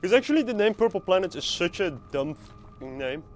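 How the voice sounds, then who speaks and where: A man's voice: sits high, big pitch swings, a little fast, slight background noise. Guy streaming a game, rambly and joking around, swears a bit. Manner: rambling, playful, swears casually. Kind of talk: casual live game stream chat.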